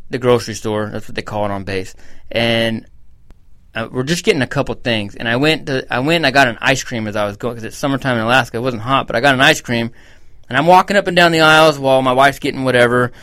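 A male podcast co-host in easygoing talk. He tells stories bluntly, full of swearing and quick asides, at an ordinary, middling pitch. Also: fairly bright tone. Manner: profane, blunt storytelling. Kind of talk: casual podcast chat.

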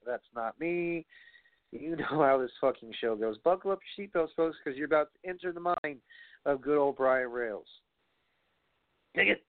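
Young male podcast host, loose and profane, slightly high voice, thin phone-quality sound. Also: no room sound. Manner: loose, rambling and profane, with playful asides. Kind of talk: casual wrestling podcast talk. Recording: tinny phone-like sound, dry.

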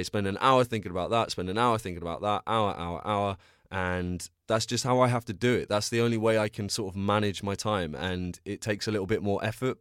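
A man's voice: on the low side, dry recording, clean studio sound. A young man hosting a solo podcast, chatting casually in a rambling, self-deprecating way and telling stories with bursts of energy. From England. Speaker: podcast host.

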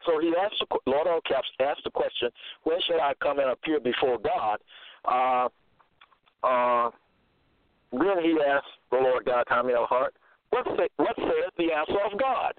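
Slow male preacher over a tinny phone line. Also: mid-range voice, no room sound. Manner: deliberate, repetitive, quotes verses with frequent "okay?" checks. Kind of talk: slow scripture teaching monologue.

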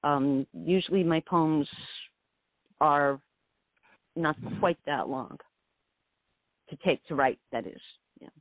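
A woman's voice: low-pitched, takes it slowly, pauses often, dry recording. A woman poet being interviewed on the radio, speaking in a meandering, reflective way. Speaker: poet guest. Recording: tinny phone line.

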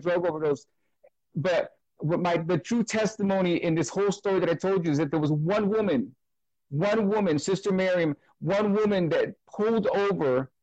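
Interviewed as a guest, this full-time minister earnestly recounts his own testimony and repeats others' words at length. He speaks in a somewhat high, slightly mellow voice, captured in a dry, rough recording.

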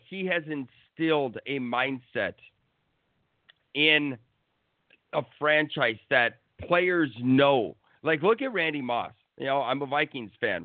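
A man's voice: medium pitch, no room sound. A man giving blunt, profane sports opinions in a casual talk-show rant. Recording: tinny phone-like line, dry.

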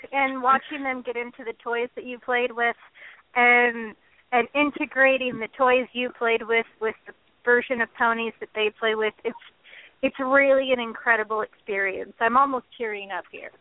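Chatty high-voiced woman on a tinny line. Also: steady tone, normal speed, dry recording. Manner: chatty, rambling, restarts sentences often. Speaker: podcast co-host. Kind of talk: casual chat. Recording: dry, tinny phone-like line.

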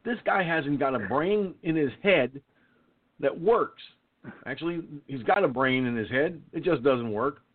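A man hosts an online talk show in a profane, blustering rant, circling back to the same points. His voice sits a little high and swings widely in pitch. It comes through a narrow, phone-like line. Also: animated, unhurried. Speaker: radio show host. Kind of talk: ranting call-in talk show.

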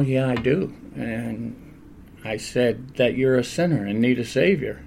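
An older man, a pastor, telling stories in a relaxed, conversational interview and laughing often along the way. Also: mid-range voice, slight background noise. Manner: animated anecdotal storyteller, laughs often.

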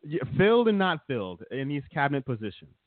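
A man's voice: fairly high pitch, sing-song, fast talker, no room sound. A man co-hosting a casual comedic chat show, rambling and teasing his co-host with frequent chuckles. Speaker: podcast co-host. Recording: dry, tinny phone-like sound.

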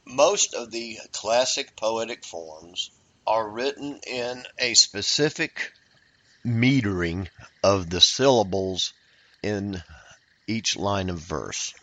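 Slow, low-voiced man teaching a workshop. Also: animated, bright, forceful tone, dry recording. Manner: patient, explanatory, with fillers and repetitions. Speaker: poetry workshop leader. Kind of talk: workshop lecture.

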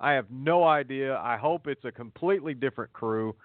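A folksy, rambling man hosts a casual podcast chat, his voice sitting at an ordinary middle pitch. The audio is thin and phone-like, with a dry, close sound. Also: brisk, dry recording. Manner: rambling, folksy, repeats words. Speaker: podcast host.

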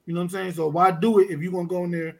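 A man's voice: high-pitched, little pitch movement, racing. A man from Detroit, a podcast guest, telling stories in casual, profane street talk and acting out the dialogue. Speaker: podcast guest, underwater photographer. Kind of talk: casual storytelling chat.

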